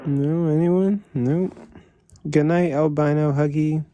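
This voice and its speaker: A man co-hosting a casual live stream, relaxed and joking as he addresses the chat. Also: a little high, takes it slowly, a little hiss or hum.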